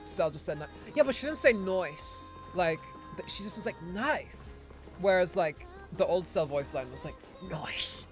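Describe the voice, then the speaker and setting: A man's voice: sits high, expressive, normal speed, few pauses, over music. A man from Ireland, chatting casually and rambling as he streams a game, swearing and laughing often. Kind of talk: casual livestream chat.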